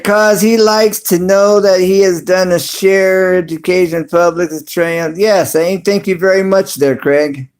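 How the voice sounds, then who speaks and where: A man hosting a casual livestream, reading viewer comments aloud with lots of fillers and little chuckles. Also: sits high. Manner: reads chat aloud haltingly with many fillers and chuckles. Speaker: livestream host.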